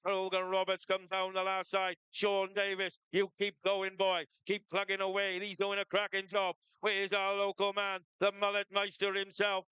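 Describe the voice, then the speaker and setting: A man giving brisk, rapid-fire live commentary on a shearing competition, cheering competitors on. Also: high voice, completely flat delivery, bright, forceful tone, smooth, no room sound. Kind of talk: live sports commentary over a PA.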